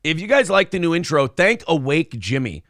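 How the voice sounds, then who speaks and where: A middle-aged man co-hosting a casual talk show tells animated, swear-heavy stories at a normal speed. His voice leans high, and the studio sound is clean with no echo.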